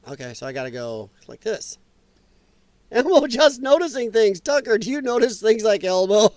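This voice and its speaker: A man talks slowly through clips in a loose reaction stream, breaking into laughter often. His voice sits fairly high, and the sound is dry and close. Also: dry recording. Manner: laughs often, slow and relaxed. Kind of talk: casual reaction commentary.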